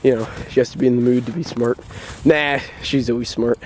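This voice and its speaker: A man filming his dog on a rural front lawn and calling to her in high sing-song calls with chuckling asides. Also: steady tone, fairly quick. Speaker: vlogger. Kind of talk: casual vlog, playing with his dog. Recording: outdoor recording with clear background noise.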